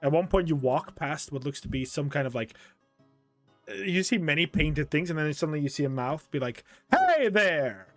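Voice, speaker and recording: A young man narrating as game master, animated, full of fillers and laughter. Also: a little high, fairly quick, faint music behind.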